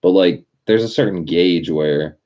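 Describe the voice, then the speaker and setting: Speaking in a low-pitched, mellow, unhurried voice, a young man hosts a livestream and drifts through stories in a casual, laid-back chat full of profanity. Music sits behind the dull, lo-fi stream audio.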